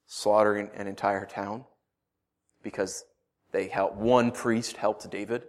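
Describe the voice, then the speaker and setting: A man in his thirties, a pastor preaching a sermon, swinging from loud outbursts to quiet asides. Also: on the low side, flat delivery, slow.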